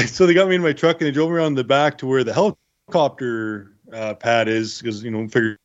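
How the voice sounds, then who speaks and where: A man with a medium-pitched voice speaks fairly quickly on a muffled recording. A bear attack survivor and interview guest, he tells his survival story to interviewers in a rambling, good-humored way.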